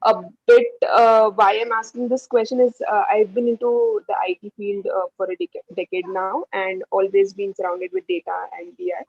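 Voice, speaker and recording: A woman's voice: mid-range voice, lively intonation, normal speed, hardly any pauses, a little mellow, no echo. A woman in the audience of an online session, asking a question in a hesitant, apologetic way. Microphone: video call. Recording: husky voice over dull call audio.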